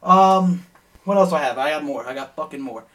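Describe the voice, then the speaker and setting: A man's voice: fairly high pitch, fairly quick, a bit bright. A man co-hosting a casual sports betting podcast, rambling and profane, heated about bad play. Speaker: podcast co-host.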